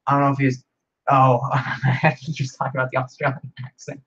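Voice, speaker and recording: Brief: man, livestream host, rambling and excitable, reads chat aloud, mid-pitched, dull lo-fi mic. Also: fast talker, husky. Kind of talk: casual livestream Q&A.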